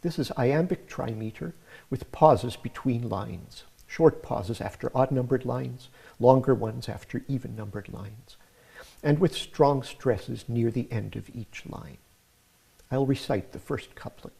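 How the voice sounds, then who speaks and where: Guy giving a music lecture, gravelly and kinda husky, calm and explaining step by step. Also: mid-range voice. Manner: measured, explanatory. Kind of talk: scripted academic narration.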